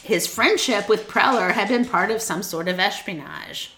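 A woman's voice: medium pitch, normal speed, sharp tone. A young woman hosting a podcast, telling a true crime story in a playful, teasing way and quizzing her co-host. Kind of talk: casual storytelling chat. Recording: echoey room with faint noise.

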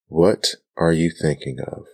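A man's voice: very deep voice, a little slow, full character voice. A man voicing a proud, easily offended male mouse in a whispered role-play, stiff and severe.

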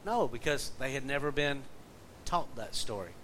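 A man giving a relaxed, conversational sermon as a pastor, telling folksy stories with joking asides. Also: medium pitch, normal speed, slight background noise, rough recording. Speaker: pastor and jail minister.

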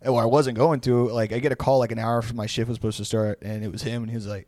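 A man's voice: medium pitch, level tone, fast talker, few pauses, dark tone, no echo. A young man, telling rambling, profane stories as a podcast co-host in casual chat. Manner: laid-back, profane, rambling storyteller.

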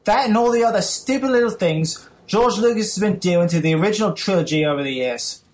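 A man with a put-on British accent voicing a pompous gentleman caller in a comic, profane voicemail rant. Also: high-pitched, lively intonation, fairly quick. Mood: haughty. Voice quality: mock-haughty, profane.

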